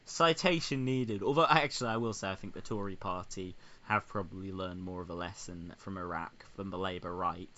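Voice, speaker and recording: A man's voice: sits low, a little fast, few pauses, pushed and bright. Sweary sarcastic man, slightly muffled. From Britain. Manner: sarcastic, sweary, mocking impressions. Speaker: podcast co-host. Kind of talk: casual comedic chat. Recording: slightly dull lo-fi sound.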